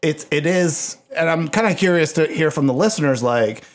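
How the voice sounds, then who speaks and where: A man's voice: a little high, expressive, normal speed. Giggly man swapping bawdy stories. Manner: giggly, telling bawdy stories with put-on quotes. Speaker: podcast co-host. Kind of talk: casual chat.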